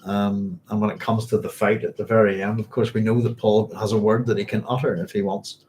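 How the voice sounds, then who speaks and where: A man's voice: lowish voice, level tone, fairly quick, darkish tone, a little hiss or hum. A man hosting a book club, reading passages aloud and thinking them through as he goes, often saying "if you like.". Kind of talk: reading aloud and discussing a novel.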